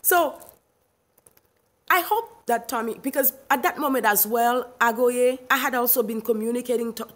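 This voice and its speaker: On a live stream, a middle-aged woman from Haiti vents emphatically and indignantly in a Haitian accent, often laughing and replying to viewers' comments. Her voice is fairly high and fairly bright, at normal speed.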